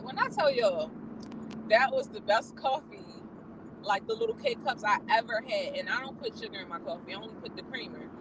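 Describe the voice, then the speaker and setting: A vlogger chatting casually while driving, bursting into excited exclamations. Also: medium pitch, fairly quick. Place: car on the road. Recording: loud road noise from driving.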